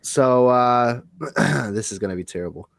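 A man's voice: mid-range voice, unhurried, creaky, no room sound. An American man, a guest author, chatting casually on a podcast in a nervous, self-deprecating way with frequent laughs. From United States.

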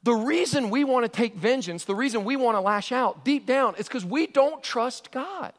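A man with a fairly high voice delivers a sermon, earnest and emphatic, stumbling and restarting as he drives each point home. His words ring out through a large hall with a long reverb tail. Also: expressive, moderate pace. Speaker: pastor.

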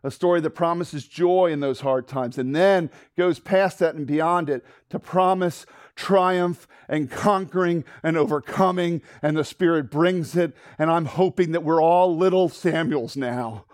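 A man preaching a sermon, telling a Bible story with lively acted-out voices and closing in a hushed prayer. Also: fairly high pitch, a little slow, few pauses, no room sound, studio quality. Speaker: pastor.

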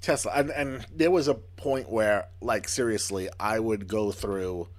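A man with a congested voice chatting casually as a podcast co-host, telling animated stories and doing playful mock quotes. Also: fairly low pitch, a little slow. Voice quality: accent slipping into a Boston sound. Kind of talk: casual chat.

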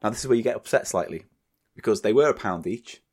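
A man's voice: lowish voice, lively intonation, quick pace, a little mellow, slightly rough. A man co-hosting a podcast with casual, teasing, sweary banter. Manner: teasing, sweary, laughs often. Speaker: podcast co-host.

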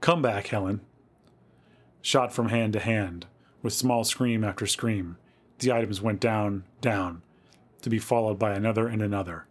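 Male podcast host, lowish voice, dramatic spooky story reading. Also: normal speed.

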